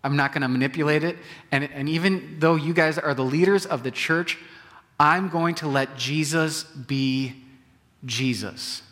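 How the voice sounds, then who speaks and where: Preacher doing a healed blind guy pushing back, loud and fed up, a bit higher than his own voice, big echoey church. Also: a little slow. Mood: emphatic. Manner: emphatic and incredulous. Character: formerly blind man, bold and exasperated.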